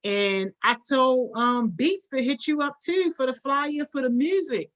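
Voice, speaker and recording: A woman's voice: sits high, a little slow, muffled recording. A woman hosting a casual live stream, greeting viewers by name and encouraging them in upbeat, slangy talk. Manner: encouraging, motivational. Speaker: host of a youth program livestream.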